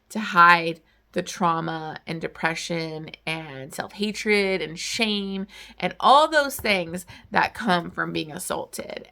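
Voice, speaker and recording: A woman's voice: lowish voice, gravelly, sharp tone. A young woman talking casually about a book she just read, in a chatty way full of "like" and "um". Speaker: book vlogger. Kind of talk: casual book review chat.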